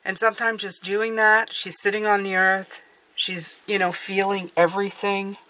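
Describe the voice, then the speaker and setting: A woman's voice: mid-range voice, level tone, moderate pace, pushed and bright. A woman giving a casual, rambling intuitive tarot reading, often checking in with "okay?". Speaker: tarot reader.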